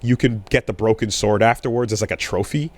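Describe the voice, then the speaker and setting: A man in his thirties co-hosting a podcast in casual chat, rambling with many fillers and restarts, getting animated when riled. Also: fairly low pitch, fairly quick. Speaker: podcast co-host.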